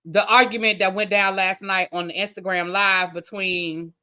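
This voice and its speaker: A woman's voice: medium pitch, little pitch movement, moderate pace, sharp tone, highs cut off. A woman hosting a TV review channel, chatting casually and repeating herself for emphasis. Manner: chatty, emphatic repetition, Southern slang like y'all and baby. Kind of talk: casual recap commentary.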